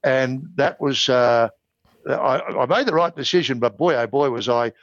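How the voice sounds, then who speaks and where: An older Australian man as an interview guest, genial and measured, pausing to think. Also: medium pitch, no echo, lo-fi sound. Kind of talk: casual interview chat.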